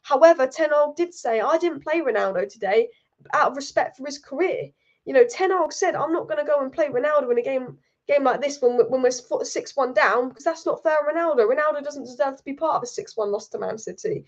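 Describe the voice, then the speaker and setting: A young woman hosts a live-streamed football fan show, ranting heatedly and reading viewer comments aloud. Her voice sits high. The stream audio is dull and lo-fi. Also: fairly quick. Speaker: football channel host.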